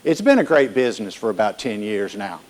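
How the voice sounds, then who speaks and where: A man's voice: on the low side, very animated, fairly quick, a little mellow. A man giving a conference keynote, joking with the audience and telling them what to do. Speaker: keynote speaker.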